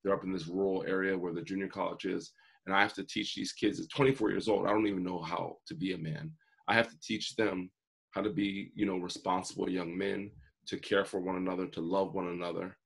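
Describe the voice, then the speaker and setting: A man in his forties, a motivational speaker appearing as an interview guest, tells his life story earnestly and vividly, acting out quotes as he goes. His voice is low and level, brisk in pace, gravelly with a breathy edge.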